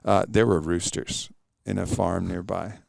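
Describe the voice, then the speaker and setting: A man's voice: sits low, steady tone, unhurried, gravelly, darkish tone, dry recording, studio quality. A middle-aged man telling stories in an earnest, reflective way as a guest in a casual podcast interview.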